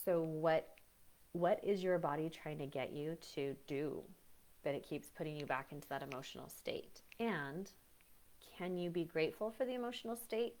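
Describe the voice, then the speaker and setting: A woman breathwork coach talking on a live stream, chatty and animated, often acting out what other people say. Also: sits low, normal speed. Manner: frequent fillers and restarts. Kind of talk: live-stream teaching talk.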